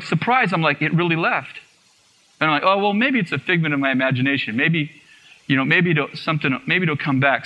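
A man giving a personal testimony in a sermon, telling his story in an animated way, acting out what was said and laughing often. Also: on the high side. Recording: muffled radio broadcast.

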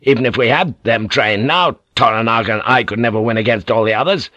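A man's voice: mid-range voice, fairly bright tone, no room sound, muffled recording, lightly acted. A man reading a hot-tempered samurai lord. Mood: tense. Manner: commanding, quick to anger. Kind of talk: audiobook character reading.

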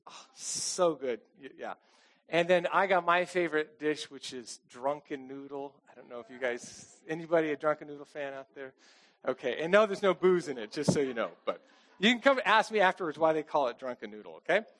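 A man's voice: fairly high pitch, a bit bright. A middle-aged man preaching a casual, conversational sermon, chatty and self-deprecating, often asking the congregation "okay?". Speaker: pastor.

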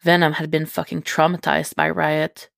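A woman reading fiction aloud in a measured, unhurried way. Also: low voice, little pitch movement, vocal fry, a bit bright, dry recording, studio quality. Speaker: reader.

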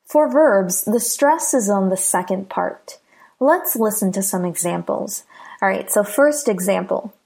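A woman with an American accent teaching a pronunciation lesson, saying each example word three times with clear stress. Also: mid-range voice, lively intonation, moderate pace, darkish tone.

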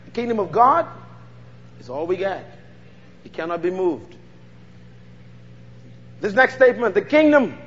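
Fervent Bahamian preacher, high voice. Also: male voice, big-room sound, lo-fi sound. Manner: fervent call-and-response preaching. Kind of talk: sermon.

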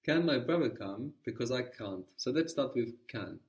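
A man's voice: medium pitch, lively intonation, normal speed, recorded from a distance. A man teaching a guided language lesson, patiently prompting his student with questions.

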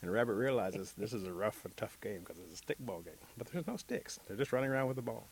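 A man telling a traditional story as a guest, in a relaxed, animated way. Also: on the low side, fast talker, vocal fry, slight background noise.

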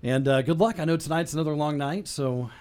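A man's voice: fairly high pitch, a little fast, darkish tone, smooth. A man hosting a local radio talk show, chatting casually and encouragingly with guests and laughing often. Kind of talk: casual interview chat.

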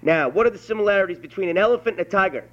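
A brash man with a New York accent barks crude, bullying questions down the line, his voice pitched fairly high. The tape sounds dull and lo-fi. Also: animated, racing. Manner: loud, crude, bullying, swearing constantly. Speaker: prank caller. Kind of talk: prank phone call.

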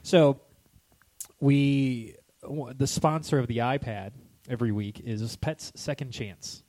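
A man's voice: medium pitch, fairly even intonation, takes it slowly, darkish tone. A young man co-hosting a podcast in casual chat, rambling with many restarts and frequent laughs. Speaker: podcast co-host.

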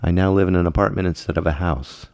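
A man with a very low voice hosts a casual podcast. He rambles and stops to find words, recorded dry and close. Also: steady tone, a little mellow, no echo. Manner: rambling, halting with fillers. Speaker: podcast co-host.

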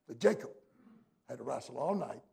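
A male pastor preaching a sermon with emphasis, his delivery swinging from hushed to loud. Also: mid-range voice, expressive, moderate pace, gravelly, slightly rough.

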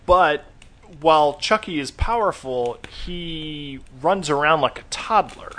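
Wry man with a slightly higher voice. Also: slow, fairly bright tone, a little hiss or hum. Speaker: podcast co-host. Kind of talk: casual chat.

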